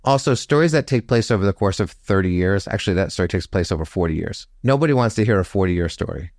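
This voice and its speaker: A low-voiced man in his fifties tells a personal story with animated flair. He acts out the people he quotes by jumping up in pitch, then settles back into reflective commentary. The sound is close and dry. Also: fast, no room sound. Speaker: storytelling guest. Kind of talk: telling a personal story in an interview.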